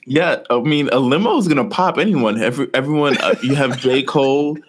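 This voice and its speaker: A man's voice: medium pitch, fairly quick, slight background noise. A man co-hosting a casual wrestling podcast, rambling through a story with lots of quoted asides. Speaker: podcast co-host.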